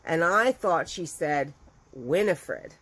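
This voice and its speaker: A middle-aged woman, a crochet business owner, telling a story to her viewers in a chatty, animated way and acting out the quotes. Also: low-pitched, slow, breathy edge, low-quality recording.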